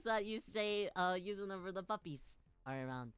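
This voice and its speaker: A woman's voice: expressive, normal speed, clean tone, soft background music. Playful, giggly woman streamer. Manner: playful and giggly, jumps into sudden high squeals. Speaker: streamer playing a visual novel. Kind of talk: casual let's-play commentary, reading dialogue aloud.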